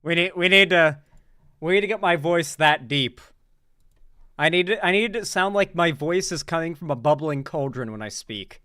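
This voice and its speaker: A woman's voice: sits low, expressive, moderate pace, fairly bright tone, dry recording, studio quality. A woman hosting a casual livestream, joking, rambling and swearing freely as she talks to her chat. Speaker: streamer host.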